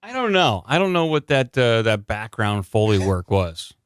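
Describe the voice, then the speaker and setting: A man's voice: lowish voice, very animated, normal speed, clean tone, no echo, clean studio sound. A male podcast host in casual, loose chat, joking and rambling with his co-host. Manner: loose, joking, full of fillers and restarts.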